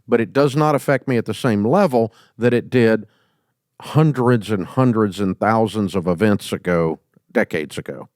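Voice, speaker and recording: A man's voice: fairly low pitch, normal speed, darkish tone, no echo. A middle-aged man hosting a call-in business advice show, blunt and folksy with jokes. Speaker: podcast host. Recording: dry studio sound.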